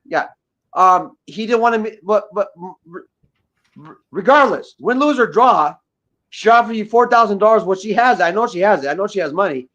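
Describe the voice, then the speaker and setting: A man's voice: high-pitched, expressive, moderate pace, a bit bright. A man guest on a livestream, ranting profanely and combatively with lots of repeated words. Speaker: guest rapper. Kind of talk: livestream rant. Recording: dull lo-fi audio.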